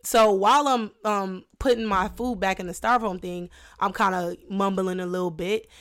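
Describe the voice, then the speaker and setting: A woman's voice: medium pitch, normal speed. A woman barber, a guest on a podcast, telling a story in casual, slangy chat and acting out what others said. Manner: animated, slangy, acts out quoted voices.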